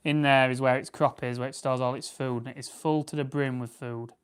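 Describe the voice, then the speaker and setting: A Yorkshire man from Barnsley chats loosely on a farming livestream, wandering between thoughts and stopping to answer viewers. His voice sits at an ordinary middle pitch. It comes across smooth and clear. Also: steady tone, brisk. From Barnsley, England. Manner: chatty, rambling, self-correcting, answers chat comments. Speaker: farming channel host. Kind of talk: casual livestream chat while plucking game.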